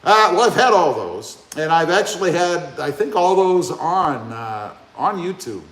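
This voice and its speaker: A man's voice: a little high, sing-song, a little slow, a bit bright. A man from Ohio hosting a casual live stream, reading viewer comments aloud and joking back at them. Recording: echoey room.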